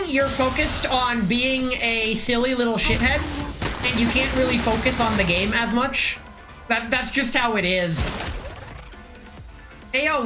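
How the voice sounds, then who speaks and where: A woman's voice: fairly high pitch, poor audio. Profane, joking woman streamer. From United States. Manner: joking, profane, rambling asides. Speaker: live streamer. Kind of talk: casual live-stream chat while playing a game.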